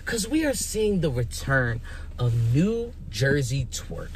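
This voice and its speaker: A young man giving casual, hyped commentary as a vlogger, animated and emphatic, with rhetorical questions and repeated words. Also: a little high, slow. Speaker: vlogger making predictions.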